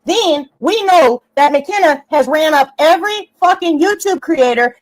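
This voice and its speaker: A woman's voice: high-pitched, expressive, measured pace, low-quality recording. A young woman ranting on her livestream, brash and profane, laughing and mocking as she goes. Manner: brash, swearing, laughing, sarcastic. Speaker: livestream host.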